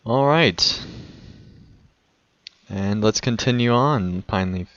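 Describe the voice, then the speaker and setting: Low-voiced easygoing man on a call. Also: takes it slowly, a bit bright, dry recording. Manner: easygoing, laughs often. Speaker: podcast host. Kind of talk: casual podcast chat. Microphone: online voice call. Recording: muffled dry online call audio.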